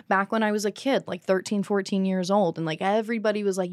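A woman's voice: medium pitch, fairly quick, hardly any pauses, darkish tone, no echo, clean studio sound. A woman guest telling her own story candidly, swearing freely and acting out what others said. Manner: frank, profane, acts out other voices. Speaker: podcast guest.

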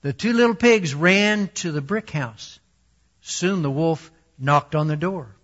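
A man reading a children's story aloud slowly and deliberately, and then teaching a Bible lesson. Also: fairly high pitch, a bit bright. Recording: dull lo-fi recording.

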